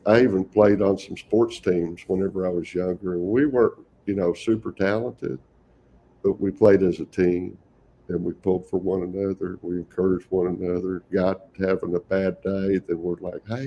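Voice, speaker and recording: Deep gravelly older Texan man. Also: dull audio, slight background noise. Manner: folksy storyteller, chuckles often. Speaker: guest, professional Santa Claus. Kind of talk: casual interview conversation.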